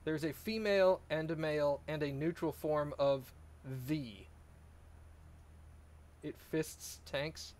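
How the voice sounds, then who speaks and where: A man's voice: fairly high pitch, slow, pauses often, a little mellow, a little hiss or hum. A man streaming a car repair game, chatting casually and joking with his viewers in a rambling way. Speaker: let's play streamer. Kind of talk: casual gameplay chat.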